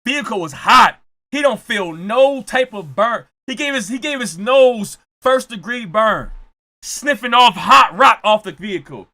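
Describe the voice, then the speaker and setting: Man ranting in a bright, lively voice. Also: high voice, unhurried. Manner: loud, ranting, often shouting punchlines; repeats jokes for effect. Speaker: reaction streamer. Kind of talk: comedic reaction commentary.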